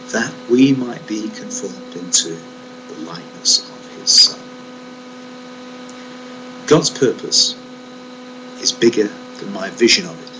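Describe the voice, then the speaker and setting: A man giving a reflective devotional talk on a Bible verse, emphatic and fond of rhetorical questions. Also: medium pitch. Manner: emphatic, rhetorical questions, stresses key words. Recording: steady mains hum under the voice.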